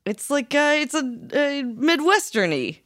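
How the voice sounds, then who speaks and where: A woman's voice: high voice, sing-song, measured pace, a bit bright, dry recording, clean studio sound. A woman co-hosting a comedy podcast, giggly, sweary and effusive. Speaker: podcast co-host. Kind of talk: casual comedy podcast chat.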